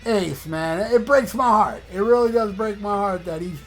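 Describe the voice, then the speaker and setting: A man with a notably high voice, talking in a casual podcast monologue. He rants bluntly and swears freely, like a fed-up fan, while faint guitar music plays behind him. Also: normal speed. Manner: blunt, profane ranting fan. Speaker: podcast host.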